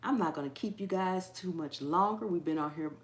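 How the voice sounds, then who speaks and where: Speaking fairly quickly with a fairly low pitch, a woman hosts a cooking channel's casual live chat in a reverberant room. She laughs at herself a lot and stumbles over a word she keeps repeating.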